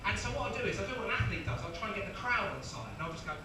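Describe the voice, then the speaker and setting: Self-mocking comedian in a roomy club. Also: male voice, high voice, expressive, rapid-fire. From England. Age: 30s. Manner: self-mocking, chatty, breaks into laughter. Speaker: stand-up comedian. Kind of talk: live stand-up with crowd work. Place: small comedy club, live audience. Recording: echoey room from far off, noisy.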